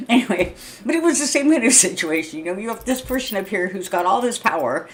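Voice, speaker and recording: A middle-aged woman ranting to camera in a blunt, profane, heated way, often clearing her throat. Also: medium pitch, expressive, a little fast. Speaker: vlogger. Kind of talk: unscripted rant to camera. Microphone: streaming setup mic.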